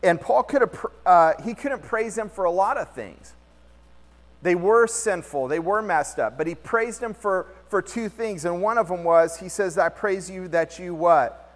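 A man preaching a conversational sermon as pastor, lively and slangy, mixing scripture with everyday stories. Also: sits high, a little slow. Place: church hall. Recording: long hall reverb.

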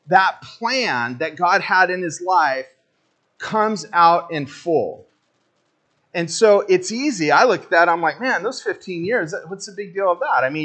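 A male pastor giving a conversational sermon, reading scripture aloud and then acting out his own impatience with lively, animated energy. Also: fairly high pitch.

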